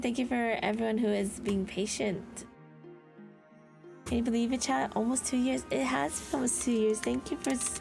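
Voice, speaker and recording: A woman streamer chatting excitedly with her live chat, bubbly and quick to laugh. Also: a little high, gravelly. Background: background music.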